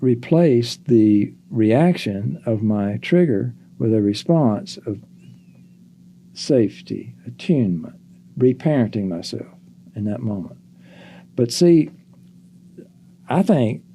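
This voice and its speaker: An older man, a psychologist guest, talking slowly and reflectively in a casual podcast conversation, with halting restarts. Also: medium pitch, dark tone.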